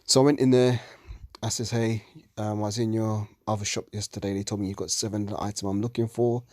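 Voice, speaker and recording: A man's voice: on the low side, level tone, quick pace, a little mellow, no room sound, clean studio sound. A man gives a heated religious commentary monologue, ranting and swearing often.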